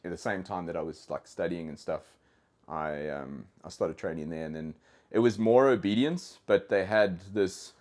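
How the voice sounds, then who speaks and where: A man's voice: low-pitched, moderate pace, a little mellow. A man with a South African accent, a podcast guest telling his story in a loose, rambling way with many restarts and fillers. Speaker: guest, dog trainer. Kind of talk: casual podcast conversation.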